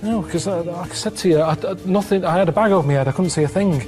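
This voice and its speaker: Deadpan man telling a rambling story. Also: sits high, fast talker, music in the background. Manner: deadpan, plain-spoken, rambling. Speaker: regular on a comedy talk show. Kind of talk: casual storytelling chat.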